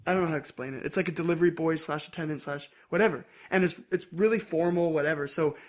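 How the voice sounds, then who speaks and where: A man hosting a podcast, casually recapping an anime episode in an animated way, acting out the characters' lines. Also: on the high side. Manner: animated retelling, acts out character lines in quick voices. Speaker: podcast host.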